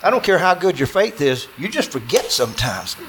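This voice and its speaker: A man telling a true outdoor story to an audience in a folksy, animated way, acting out dialogue with plenty of fillers. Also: fairly high pitch, fairly quick, a little hiss or hum, rough recording.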